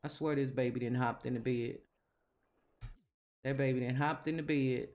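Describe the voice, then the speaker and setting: A woman's voice: a bass voice, steady tone, moderate pace, a little mellow. A woman, casually commentating while she plays a life-simulation game and chatting at her characters. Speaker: gaming video host.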